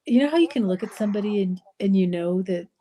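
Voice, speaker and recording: A woman's voice: medium pitch, lively intonation, fast, dark tone, slight background noise. A woman joining a podcast chat with brief, dry remarks.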